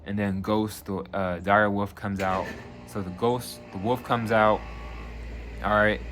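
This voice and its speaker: A man casually reviewing a TV season on his channel, retelling scenes with lively energy and acting out lines. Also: lowish voice, a little slow, faint music behind. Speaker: video reviewer.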